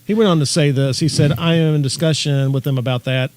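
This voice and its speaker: A man co-hosting a podcast rattles through stories and news at a quick clip. His voice sits a little high. The sound is dry and close. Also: no echo. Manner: quick, excited storytelling; reads news items aloud. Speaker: podcast co-host. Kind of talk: casual chat.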